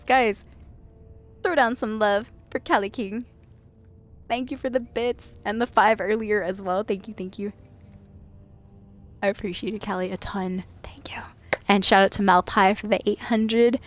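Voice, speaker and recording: A woman from Washington state chatting casually on a late-night gaming stream, laughing and thanking viewers by name. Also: medium pitch. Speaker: game streamer.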